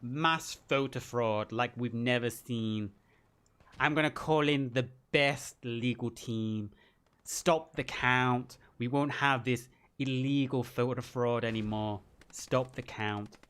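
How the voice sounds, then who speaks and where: A man's voice: mid-range voice, fairly even intonation, slow pace, clear, resonant tone. A man putting on an older male politician who blusters and brags about a stolen vote. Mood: boastful. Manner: indignant shouting, bragging.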